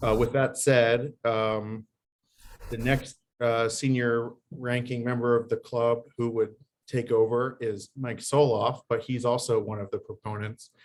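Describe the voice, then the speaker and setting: Club president running a meeting; halting, filler-heavy delivery over faint background noise. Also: male voice, on the low side. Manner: halting, many fillers and restarts. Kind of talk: meeting chair's announcements.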